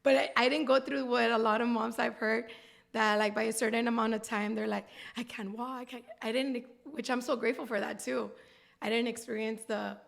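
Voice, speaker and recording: A woman in her thirties talks candidly as an interview guest. She rambles in a heartfelt way with a gravelly, fry-laden voice pitched a bit high. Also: steady tone, fairly quick. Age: 30s. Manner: heartfelt, rambling, with frequent laughs. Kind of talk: candid personal interview talk.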